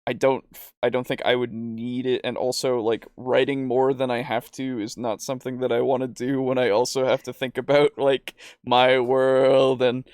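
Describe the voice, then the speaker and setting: A man's voice: medium pitch, flat delivery, normal speed, few pauses, a little mellow, smooth, no room sound, clean studio sound. A man co-hosting a tabletop gaming podcast, talking casually in a rambling way with frequent laughs. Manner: rambling, with fillers and restarts, laughs often. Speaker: podcast co-host. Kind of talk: casual chat.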